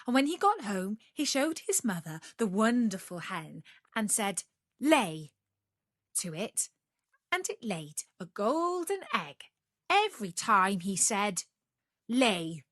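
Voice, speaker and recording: A woman reads a fairy tale aloud for English learners, slowly and expressively. Her pace is very unhurried, and the recording is close and dry. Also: mid-range voice, dry recording. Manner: slow, expressive read-aloud. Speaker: storyteller. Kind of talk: storybook narration for English learners.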